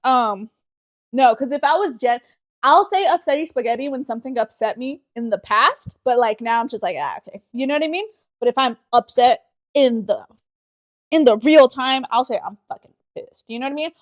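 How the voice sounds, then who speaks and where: A woman's voice: high voice, normal speed, no echo, clean studio sound. A woman from the Southern United States co-hosting a podcast, chatty and profane, rambling with frequent laughs. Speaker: podcast co-host. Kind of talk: casual podcast chat.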